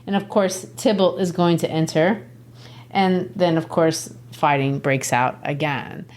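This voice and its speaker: A woman's voice: deep voice, steady tone, unhurried, darkish tone. Chatty woman explaining literature. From Brazil. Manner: chatty, laughs often. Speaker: podcast host. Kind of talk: literature lesson, casual explaining.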